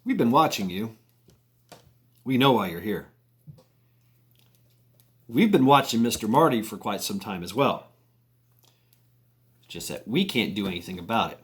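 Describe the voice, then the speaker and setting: A man's voice: on the low side, big pitch swings, measured pace, pauses often, breathy edge, heavily acted. A man doing a stern, threatening FBI agent. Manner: blunt, warning.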